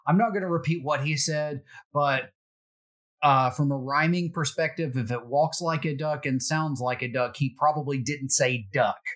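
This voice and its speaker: A middle-aged man telling security anecdotes in a relaxed, self-deprecating way, with plenty of fillers. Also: on the high side, normal speed. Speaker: security guest. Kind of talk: casual storytelling.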